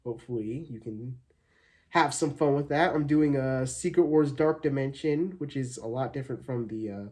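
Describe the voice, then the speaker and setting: A man's voice: mid-range voice, normal speed, darkish tone. A man hosting his own channel, talking casually to viewers in an upbeat, rambling way with many fillers and restarts. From Arizona, USA. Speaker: channel host. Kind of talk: casual thank-you vlog.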